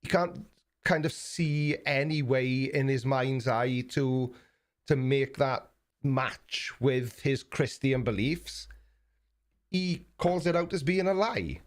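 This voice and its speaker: A man hosting a casual livestream, talking in a loose, rambling way. He fills pauses with ums and uhs and often pokes fun at himself. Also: mid-range voice. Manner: rambling, self-mocking, many fillers. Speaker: livestream host.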